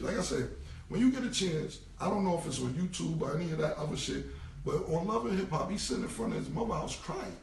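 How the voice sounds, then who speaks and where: A man's voice: fairly high pitch, gravelly, far from the mic, a little hiss or hum. A man in his forties ranting casually on a phone livestream, emphatic and profane, repeating his points. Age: 40s. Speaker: rapper responding on a livestream. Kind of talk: casual rambling livestream rant. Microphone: phone held away. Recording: roomy echo, voice away from the phone mic.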